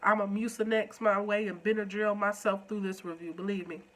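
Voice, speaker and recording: A woman with a stuffed-up nose giving a playful, animated recap review of a TV episode. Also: mid-range voice, a little fast. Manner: animated and playful, with slangy asides. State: stuffed up with a cold. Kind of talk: casual recap vlog.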